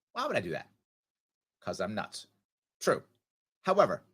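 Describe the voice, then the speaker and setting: A man's voice: mid-range voice, fairly bright tone. A man hosting a political talk radio show, telling a history story with rhetorical questions and answering them himself.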